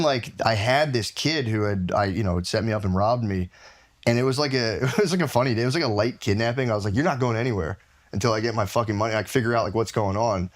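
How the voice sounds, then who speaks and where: A man telling a long story as a podcast guest, rambling and animated, acting out the other people in it. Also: mid-range voice. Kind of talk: casual storytelling.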